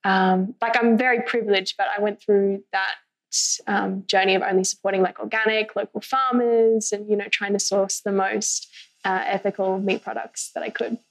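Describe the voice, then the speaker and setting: A woman's voice: mid-range voice, steady tone, normal speed, vocal fry, poor audio. A young woman guest on a podcast, talking casually with many fillers and a light laugh now and then. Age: young adult.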